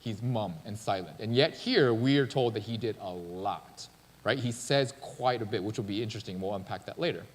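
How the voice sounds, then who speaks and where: A man's voice: fairly low pitch, moderate pace. A male pastor preaching a sermon in a casual, conversational storytelling manner. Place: church sanctuary. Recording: long church-hall reverb.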